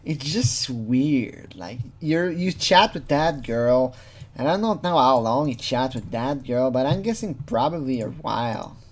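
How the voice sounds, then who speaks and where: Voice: medium pitch, lively intonation, measured pace. A casual true crime commentator who talks freely, laughs often, swears, and mimics the people being quoted.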